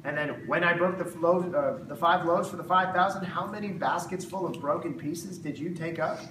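A man's voice: fairly high pitch, moderate pace. A man teaching the Bible to a small group in casual, jokey talk, acting out voices of the disciples. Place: room with a live group. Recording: echoey room, distant mic, noisy background.

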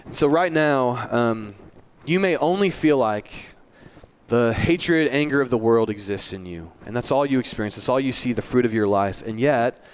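A man's voice: medium pitch, expressive, moderate pace, smooth. A male pastor giving a sermon in a church, earnest and conversational, with self-deprecating asides.

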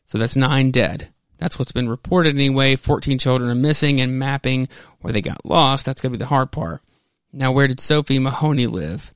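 A man's voice: mid-range voice, normal speed, clean tone, no echo, studio quality. A man hosting a podcast, loosely retelling a comic's story in a casual, rambling way with frequent fillers and restarts. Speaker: podcast host. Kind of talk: casual comic book recap.

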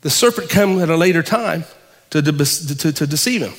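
Fervent high-voiced male preacher. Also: expressive, moderate pace. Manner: fervent, rhythmic, repeating lists. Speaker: pastor. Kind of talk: sermon. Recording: long hall reverb.

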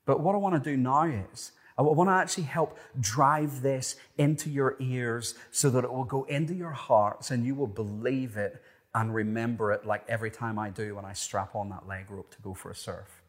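A man with an Irish accent preaching a sermon as pastor, earnest and emphatic, swinging between forceful rises and hushed, quiet passages. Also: medium pitch, fairly even intonation, moderate pace.

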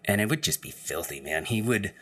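A man's voice: fairly low pitch, animated, brisk. A man telling a personal story in casual storytelling style, rambling, with frequent fillers and restarts.

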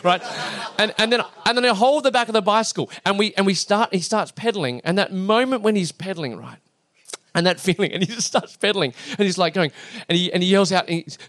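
Man, 30s, high and bright, animated storyteller who plays out every voice. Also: fast, no echo, clean studio sound. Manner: animated, acts out dialogue, lots of fillers and restarts. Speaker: speaker addressing an audience. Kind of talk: storytelling talk to a live audience.

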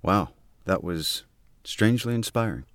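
A young man co-hosting a homemade comedy podcast, dropping dry, deadpan remarks. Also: deep voice, unhurried, dry recording. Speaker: co-host, technical support.

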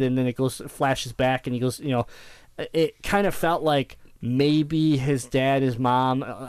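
A man co-hosting a casual chat about video games, rambling and acting out his own excited reactions. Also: medium pitch, smooth, no echo. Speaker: podcast co-host.

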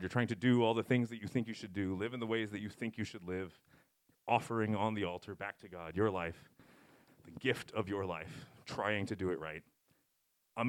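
A man delivers a casual sermon in a conversational, off-the-cuff way. He rambles, interrupts himself and adds wry, animated asides. His voice sits in an ordinary middle pitch. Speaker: pastor.

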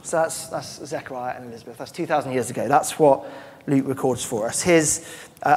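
A man's voice: mid-range voice, steady tone, brisk, a little mellow, husky. A man preaching a sermon as pastor, earnest and emphatic, often restarting his phrases. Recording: long church-hall reverb.

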